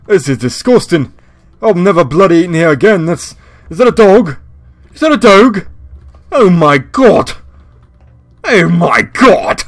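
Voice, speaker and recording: A man voicing a brash young male rocker with a put-on British accent and a raspy voice. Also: high-pitched, sing-song, no echo, voice pushed up, full character voice. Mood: disgusted. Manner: loud exclamations, drawn-out Oi.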